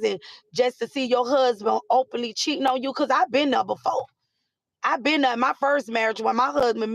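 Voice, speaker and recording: A woman hosting a casual live chat with viewers, animated and repetitive, with many fillers. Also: high-pitched, vocal fry, no room sound. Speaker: live stream host.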